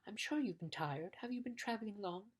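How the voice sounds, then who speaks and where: A woman reading an audiobook, voicing a sweet, cheerful princess who speaks in a breathy, welcoming way. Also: medium pitch, lively intonation, a little fast, voice pushed up. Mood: gentle. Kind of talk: audiobook character voice.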